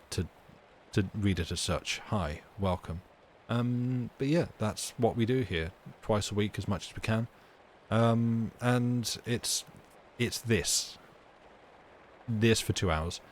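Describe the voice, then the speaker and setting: Low-pitched guy ending his stream, teasing chat in a dry rambling way, bit of faint hiss behind. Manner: dry, teasing banter with frequent restarts. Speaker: livestream host reading stories. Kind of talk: casual chat to live stream viewers.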